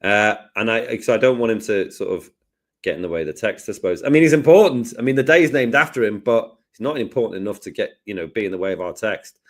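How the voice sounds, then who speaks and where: Jokey low-voiced man teaching design. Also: fast. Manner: jokey, self-deprecating banter. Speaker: host, design tutor. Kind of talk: casual live software lesson.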